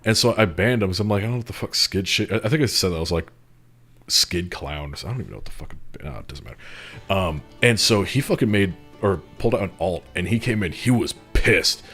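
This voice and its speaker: Deep-voiced, profane male streamer. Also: expressive, fairly quick, a bit bright, slightly rough, faint music behind. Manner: rambling, profane storytelling, mocking and laughing. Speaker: streamer moderating a Discord community. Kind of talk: casual livestream chat.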